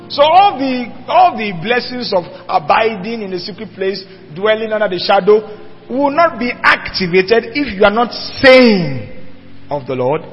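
A man's voice: high voice, animated, measured pace, soft background music. A man preaching a sermon, emphatic and asking the congregation rhetorical questions. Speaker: pastor. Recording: dull lo-fi church hall recording with long reverb.

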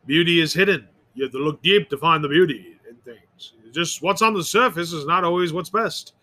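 A rambling, opinionated man delivering a solo monologue, his voice pitched high for a man. He often trips over words and circles back on himself. The tone is bright and sharp throughout. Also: moderate pace. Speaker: podcast host.

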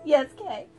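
A woman's voice: very high-pitched, darkish tone. A young woman reading aloud to a friend in casual chat, giggly and drowsy, her words slurring and drifting. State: high and drowsy. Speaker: reader of a book to a friend.

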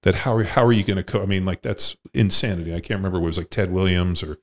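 Very deep-voiced blunt, swearing man. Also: steady tone, quick pace. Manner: blunt, profane, rambling. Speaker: podcast host, former football player. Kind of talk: casual conversation.

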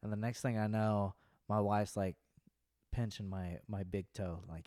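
A man's voice: fairly low pitch, level tone, normal speed, darkish tone, dry recording, studio quality. A man in his late twenties, co-hosting a podcast in casual, rambling chat and laughing often. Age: late 20s. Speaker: podcast co-host.

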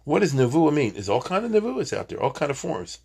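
A man's voice: a little high, big pitch swings, brisk, gravelly, darkish tone, husky. A man teaching an informal Torah class, chatty, with joking asides and Hebrew terms.

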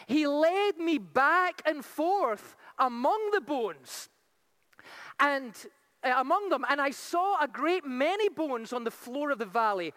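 A woman preaching a sermon, reading scripture slowly and with weight, then telling stories quickly and fervently. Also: high voice, a bit bright. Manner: fervent, rising to exclamations.

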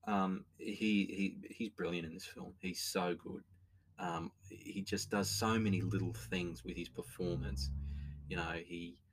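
A man's voice: deep voice, fairly even intonation, a little slow, a little hiss or hum. An opinionated man, chatting casually as a podcast co-host about a film, rambling with many restarts. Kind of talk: casual film review chat.

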